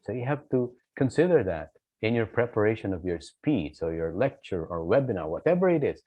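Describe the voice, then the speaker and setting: A man's voice: lowish voice, big pitch swings, fairly quick, dry recording, highs cut off. A man giving a recorded lecture, explaining step by step and checking in often with "okay?". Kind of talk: recorded lecture on office communication.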